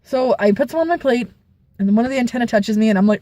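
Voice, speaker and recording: A young woman vlogger telling a story casually, animated, with squeals and shrieks as she retells it. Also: high voice, racing.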